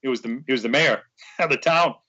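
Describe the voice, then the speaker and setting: A man's medium-pitched voice sounds pushed and bright and moves fairly quickly on dull audio. As a superfan guest on a casual podcast, he rambles through a story while acting out the quotes.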